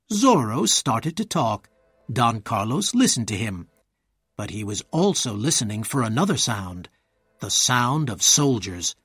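A man narrating a story aloud in a clear, measured way, voicing each character in turn. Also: medium pitch, very animated, a bit bright, dry recording, studio quality.

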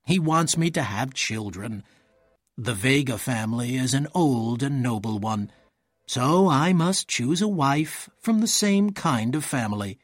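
A man reading an audiobook, voicing a tired, languid young nobleman in a raised, husky voice. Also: lively intonation, measured pace, no echo, clean studio sound. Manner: tired, languid, higher put-on voice. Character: weary idle young nobleman.

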